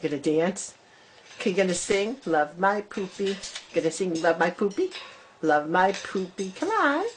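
A woman's voice: fairly low pitch, animated, normal speed. A woman at home coaxing her pet in sing-song baby talk, with frequent gasps and laughs. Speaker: pet owner talking to her bird. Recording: noisy home camera recording.

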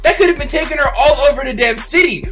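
A man doing loud, profane, mocking comedy commentary over a cartoon, with light music behind him. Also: very high voice, quick pace.

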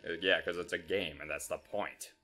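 A man's voice: sits low, fairly even intonation, normal speed, sharp tone. A man co-hosting a let's play, teasing his partner in dry, crude banter. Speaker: co-host.

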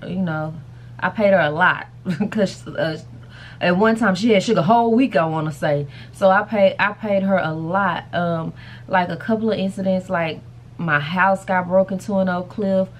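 A woman's voice: on the low side, normal speed, slight background noise. A woman chatting casually to camera in a rambling vlog, calling her viewers y'all and baby. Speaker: vlogger.

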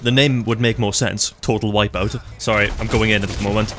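A young man laughing and bantering excitably with a friend while playing an online shooter on a headset. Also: fairly low pitch, brisk, noisy background. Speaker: co-player. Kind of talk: casual gameplay chat. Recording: faint game music behind.

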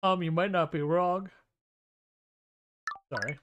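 A man's voice: sits high, takes it slowly, muffled recording, a little hiss or hum. Man, game streamer, casual wry chat, thinking aloud, laid-back. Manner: relaxed, wry, thinks aloud while playing.

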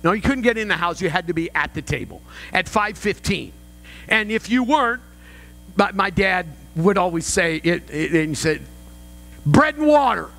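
A man's voice: sits high, expressive, normal speed, vocal fry, pushed and bright, faint music behind, poor audio. An older male pastor preaching a sermon, telling family stories with humor and rising emphasis. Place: church sanctuary.

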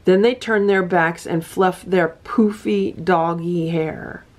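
A woman reading a children's picture book aloud to her cats, gentle and sing-song, breaking off to point at the pictures. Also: lowish voice, fairly even intonation, slow. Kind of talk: storybook read-aloud with asides.

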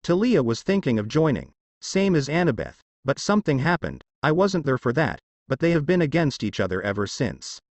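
A man's voice: on the high side, big pitch swings, normal speed, hardly any pauses, no room sound. A man voicing a rambling young satyr. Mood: hesitant. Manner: rambling, hesitant.

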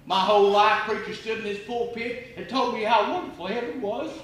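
Evangelist, man, high and cutting delivery, hushed-to-shouting sermon, recorded live in a roomy church. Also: fairly quick, a little hiss or hum. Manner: impassioned, rhetorical questions, swings from hushed to near-shouting. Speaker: evangelist preacher. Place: church auditorium. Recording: echoey church room with faint ambience.

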